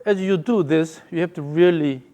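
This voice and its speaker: A man's voice: on the high side, moderate pace, warm tone, dull audio. A male golf coach giving a hands-on lesson, calling short repeated cues and humming the count and rhythm.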